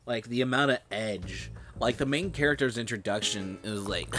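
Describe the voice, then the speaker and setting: A man's voice: mid-range voice, normal speed, noisy background. A young man streaming a game, rambling in casual commentary and swearing freely. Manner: rambling, swears freely, laughs at his own jokes. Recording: game music playing behind.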